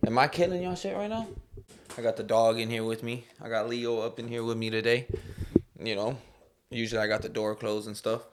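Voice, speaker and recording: A man's voice: medium pitch, brisk, slight background noise. A man hosting his own podcast from a room at home, chatting loosely in slang and telling stories. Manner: loose, slangy, storytelling with acted-out quotes. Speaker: podcast host. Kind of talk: casual chat.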